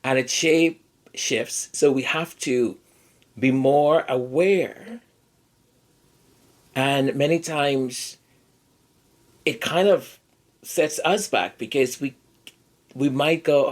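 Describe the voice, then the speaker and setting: With a mid-range voice, this podcast host offers casual personal commentary in an animated style. He draws out words and pauses often, acting out quoted lines and slipping into quiet asides.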